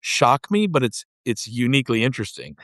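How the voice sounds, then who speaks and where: A man hosting a podcast interview, chatty and quick as he recalls a story and leads into questions. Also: mid-range voice, very animated, fairly bright tone, no room sound, studio quality. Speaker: podcast host. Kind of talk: casual interview.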